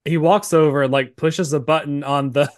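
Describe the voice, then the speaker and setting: A male podcast co-host casually recaps a TV episode, chatty and full of "like" fillers, acting out snippets of dialogue. His voice is a little high with fairly even intonation and a normal speed. The studio sound is clean, with no room sound.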